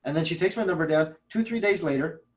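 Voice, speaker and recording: Emphatic man, somewhat high voice. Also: fast. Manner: emphatic, repetitive, restarts often. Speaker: guest speaker, trauma coach. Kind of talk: casual interview storytelling.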